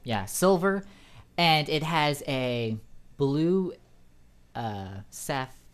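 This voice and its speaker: A man's voice: a little high, expressive, extremely slow, clear, resonant tone. A man narrating as dungeon master in a tabletop game, hesitant and searching for words.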